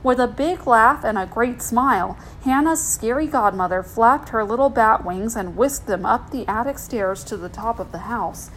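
A woman reading a children's storybook aloud in an expressive, gentle way. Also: on the high side, normal speed, hardly any pauses, a little hiss or hum, low-quality recording.

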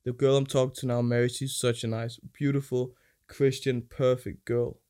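A man's voice: mid-range voice, normal speed, clean tone. A man chatting casually with his brother, telling crude stories and preaching about forgiveness and inner life in a digressive way. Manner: animated, acts out quoted voices. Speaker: podcast guest, older brother. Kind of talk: casual rambling chat.

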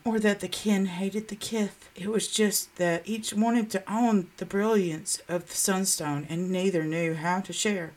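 A woman reads a children's storybook aloud, gentle and unhurried, her voice in a middle register. Her tone often falls to a near hush. Music plays clearly behind her. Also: medium pitch. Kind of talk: storybook reading. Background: background music.

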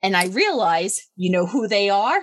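A young adult woman telling a story in casual chat, animated and swearing freely. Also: normal speed. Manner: animated, swearing, acts out quoted voices higher.

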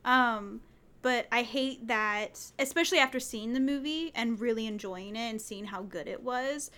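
With a bright, forceful, fairly high voice at normal speed, a young woman chats casually as a podcast co-host. She speaks emphatically and uses lots of fillers.

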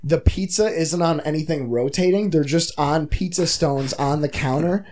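A man's voice: fairly high pitch, moderate pace, a little mellow. Rambling young man telling a story. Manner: rambling storyteller, swears freely. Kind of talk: casual chat.

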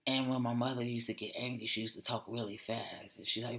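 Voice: medium pitch, fairly even intonation, a little fast, creaky, a bit bright. A podcast host telling a personal story in a reflective way, often dropping to a whisper and repeating words. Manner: repeats words and restarts when emotional.

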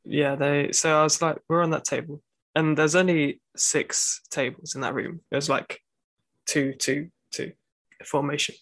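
A young student telling a long story in casual chat, circling back with plenty of fillers. His voice is gravelly and fairly level in pitch. The sound is dry and close, with no room around it. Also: steady tone, a little slow, a bit bright, no echo. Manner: rambling storytelling with many fillers.

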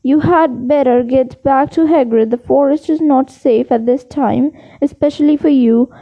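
A woman's voice: sits high, normal speed, dull audio. Woman voicing Firenze, solemn young centaur. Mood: calm. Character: calm young male centaur, grave and protective.

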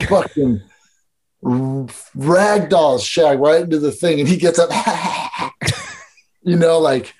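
A man's voice: on the high side, takes it slowly, darkish tone, slight background noise. A man telling stories in a casual interview, loose and rambling, full of fillers and swearing. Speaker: guest. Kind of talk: casual storytelling chat.

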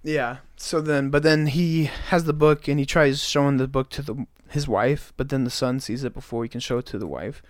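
A man's voice: medium pitch, steady tone, moderate pace, hardly any pauses, no room sound, clean studio sound. A young man on a podcast, retelling a story in a rambling, casual way with many "like"s. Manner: rambling retelling, heavy use of "like". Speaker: podcast co-host.

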